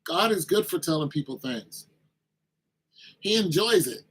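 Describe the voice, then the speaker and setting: A man's voice: on the high side, lively intonation, measured pace, a bit bright, breathy edge, rough recording. A man giving an informal sermon-style talk, conversational, acting out little exchanges with kids in raised voices.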